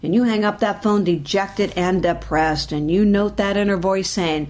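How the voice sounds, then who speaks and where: Woman doing a motivational talk, lively and direct, calls listeners "people", average pitch. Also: normal speed. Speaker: motivational speaker.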